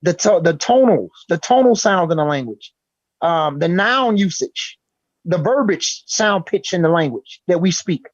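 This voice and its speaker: Animated Chicago man in a dull dry recording. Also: sits high, a little slow, dry recording. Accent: Chicago African American English. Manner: animated, repeats words at the start of sentences, street slang. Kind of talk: casual discussion.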